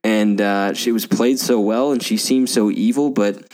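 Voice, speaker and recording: Casting: low-pitched male podcast co-host, loose rambling chat with frequent laughs. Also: fairly even intonation, moderate pace, a little mellow. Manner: rambling, laughs often, does goofy voices. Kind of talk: casual movie review chat.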